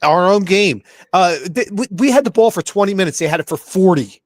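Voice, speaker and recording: A man's voice: high voice, lively intonation, fairly quick, no room sound, studio quality. Fired-up profane man ranting about sports. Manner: profane, heated, repeats himself. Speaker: podcast co-host. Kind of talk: casual sports rant.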